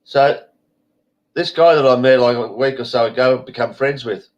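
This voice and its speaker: Blunt, foul-mouthed and rambling, this Australian online show host talks at a moderate pace in a mid-range voice. He sounds stuffy and congested, and the stream audio is dull and lo-fi.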